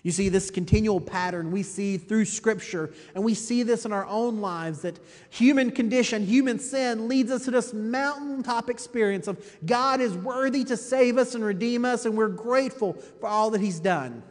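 Male pastor, fairly high voice, emphatic sermon, long hall reverb. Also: normal speed. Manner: emphatic preaching, repeats phrases, rhetorical "you see".

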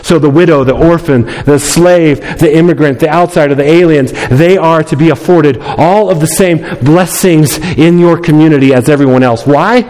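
The long reverb of a big hall surrounds this male pastor's sermon, delivered in a slightly high, darkish voice. Emphatic throughout, he keeps returning to key phrases and voices the characters of the story himself.

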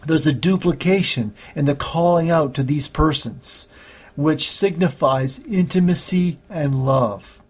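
A man preaching a sermon, teaching slowly and steadily through Bible passages. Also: on the high side, a little mellow, slightly rough. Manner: slow, measured Bible teaching with scripture readings.

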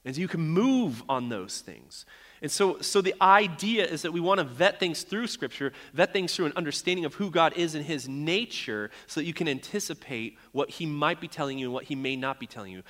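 A man's voice: fairly high pitch, lively intonation, a little fast, a bit bright, long reverb tail. A man preaching a sermon in a casual, storytelling way, with frequent fillers and restarts. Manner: conversational, storytelling, many fillers.

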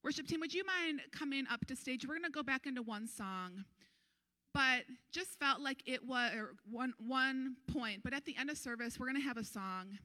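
A woman pastor preaching a sermon, earnest and animated, urging her congregation on. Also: normal speed. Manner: animated, acts out crowd voices with sudden high pitch.

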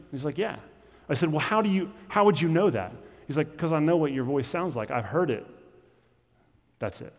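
A man preaching a conversational sermon as pastor, often acting out quoted voices. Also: a little high. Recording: long hall reverb.

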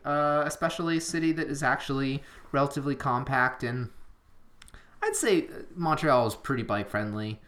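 A man's voice: mid-range voice, normal speed, a bit bright. A man co-hosting a podcast, chatting casually in a rambling, self-deprecating way with lots of fillers. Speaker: podcast co-host. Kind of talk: casual chat.

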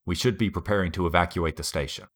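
A man reading as a calm male ship computer. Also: low-pitched, quick pace, natural voice. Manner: plain reading, no robot effect. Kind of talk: casual table read.

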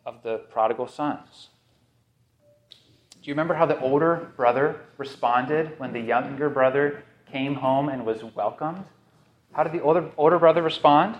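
A man preaching a sermon as pastor, emphatic and fond of repeating key phrases for effect. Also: medium pitch.

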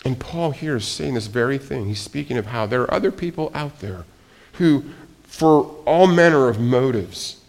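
With vocal fry and a medium-pitched voice, a middle-aged pastor preaches at a moderate pace. He shifts between near-whispered asides and loud, excited exclamations, often beginning phrases again.

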